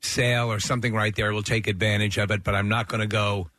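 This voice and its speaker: A man co-hosting a talk show, making teasing jokes and quick interjections in casual banter. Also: fairly low pitch, flat delivery, bright, forceful tone, no room sound. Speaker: radio co-host.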